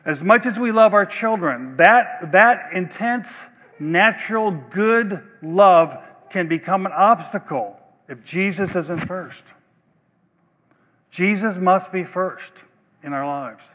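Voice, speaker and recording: A man preaching a sermon as pastor, slow and emphatic with long pauses. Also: high-pitched, a bit bright. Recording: long reverb of a large hall.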